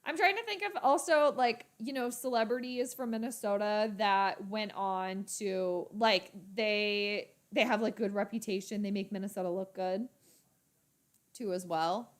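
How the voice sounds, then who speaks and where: A young adult woman hosting a casual live reaction stream, chatting with viewers, reading their comments aloud and breaking into bursts of excitement at the game. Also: mid-range voice, measured pace.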